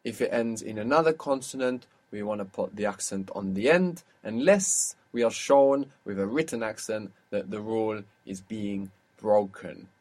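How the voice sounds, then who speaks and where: A man's voice: on the low side, normal speed, hardly any pauses, a little mellow. Patient man teaching a language lesson. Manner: patient, questioning, explains step by step.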